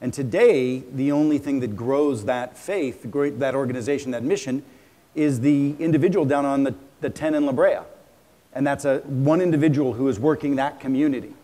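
A man's voice: medium pitch, normal speed, warm tone. A man moderating a live stage conversation and taking audience questions, speaking energetically and fluently. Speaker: interviewer and moderator.

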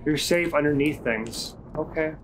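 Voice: mid-range voice, measured pace, a little hiss or hum. A let's play gamer giving frantic, swearing, self-mocking commentary while playing. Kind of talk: casual gameplay commentary. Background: game music.

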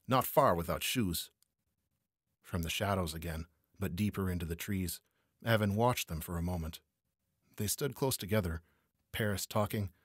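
A man narrating a noir crime story as an audiobook reader, measured and steady. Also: low voice, husky, no echo, studio quality.

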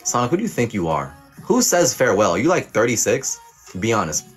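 A young man hosts a livestream as a mock teacher, reading the chat and handing out teasing, profane pass-or-fail verdicts. His medium-pitched voice is very animated and brisk, with soft music in the background.

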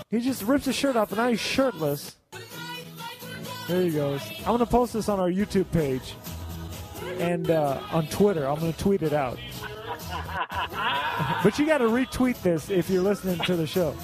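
A man hosting a podcast, telling rambling, excitable stories and swearing freely in casual chat. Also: high-pitched, measured pace, long pauses, music in the background. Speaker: podcast host. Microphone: video call setup.

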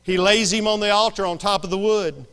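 A man preaching a sermon, swinging between hushed lines and sudden shouts. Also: high voice, steady tone, fairly quick, long reverb tail. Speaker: pastor. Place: church sanctuary.

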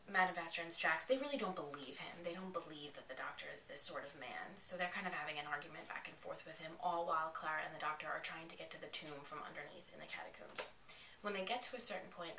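A woman giving an excited, chatty plot recap of a TV episode, full of "like" as she retells the scenes. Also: sits low, slight background noise. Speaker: TV episode reviewer. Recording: echoey, distant from the mic.

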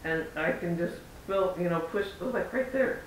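A man vlogging as a parent, telling a story in a chatty, rambling way and acting out the back-and-forth of conversations. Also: unhurried. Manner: chatty, rambling, acts out quoted exchanges. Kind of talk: casual vlog storytelling. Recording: roomy echo, far from mic, faint rumble.

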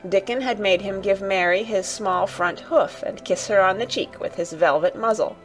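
Gentle woman reading a children's story. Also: mid-range voice, normal speed, soft background music. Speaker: audiobook narrator.

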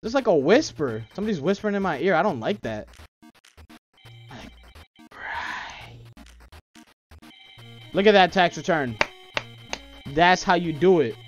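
A man's voice: high-pitched, sing-song, moderate pace, pauses often, muffled recording, soft background music. A young man commentating a video game as a YouTuber, jumpy and muttering, repeating phrases under his breath and breaking into startled outbursts. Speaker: gaming YouTuber. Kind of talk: let's play commentary.

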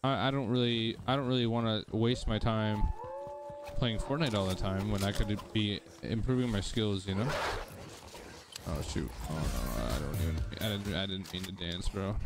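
A man's voice: lowish voice, steady tone, moderate pace, loud music behind the voice. A young man streaming a shooter game, chatting casually and joking with his viewers. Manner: laid-back, rambling, joking with chat. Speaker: gaming streamer. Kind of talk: casual live-stream chat while playing. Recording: game sounds underneath.

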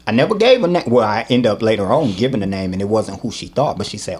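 Low-voiced man telling a story. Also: brisk. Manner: storytelling, animated, drops to low asides. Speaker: podcast host. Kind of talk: casual podcast chat.

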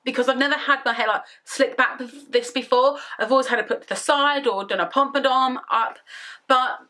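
A young woman vlogging casually from her bedroom, rambling through an excited story. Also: high-pitched, fairly quick. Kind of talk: casual chatty vlog.

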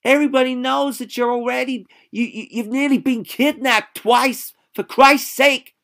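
A man voicing a pushy businesswoman with a breathy, husky, over-the-top theatrical voice, in an audiobook. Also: low voice, big pitch swings, normal speed, pitched above the performer's own voice. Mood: desperate.

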